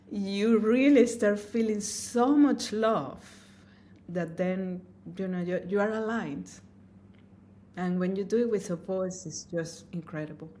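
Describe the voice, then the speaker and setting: A woman sound healer talks slowly and gently, her voice sitting a little low. She speaks earnestly and with feeling, and a faint hiss sits under her voice. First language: Spanish. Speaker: sound healer and opera singer. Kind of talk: interview answers.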